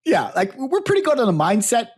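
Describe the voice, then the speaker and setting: A man's voice: very high-pitched, wildly swooping pitch, a little fast, breathy edge. A man co-hosting a casual mountain bike podcast, rambling with lots of "like" and "you know". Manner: rambling, heavy use of fillers like "you know" and "like". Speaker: podcast co-host. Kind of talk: casual chat.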